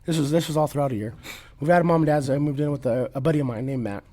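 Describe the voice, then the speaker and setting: A man's voice: fairly high pitch, racing, warm tone. A middle-aged man telling a long rambling story as a podcast guest, laughing and restarting often. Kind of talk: casual storytelling.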